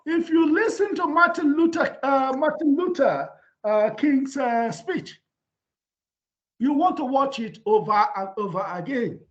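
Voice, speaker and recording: A male professor teaches a class in an animated manner, often checking that his listeners follow. His voice sits high and rises and falls widely. The recording is muffled and lo-fi. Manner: animated, repeats "can you see?". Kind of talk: university lecture. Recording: dull lo-fi lecture recording.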